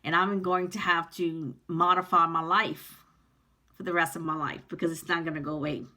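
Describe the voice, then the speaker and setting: A woman talks earnestly to her viewers in a personal vlog, rambling and heartfelt, with many pauses and ums. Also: on the low side, little pitch movement, bright, forceful tone. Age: 50s. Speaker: vlogger. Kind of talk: personal vlog talking to camera.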